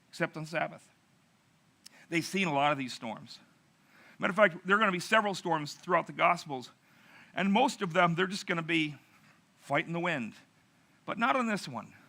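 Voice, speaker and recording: A middle-aged pastor telling a narrative sermon, acting out quotes with dramatic pauses. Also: male voice, high voice, gravelly, bright, forceful tone.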